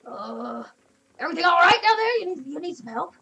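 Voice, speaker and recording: A woman's voice: very high-pitched, big pitch swings, a little fast, very noisy, voice pushed up, exaggerated voice. A woman voicing a crotchety, drunk old man on a cart who grumbles in a folksy drawl. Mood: suspicious.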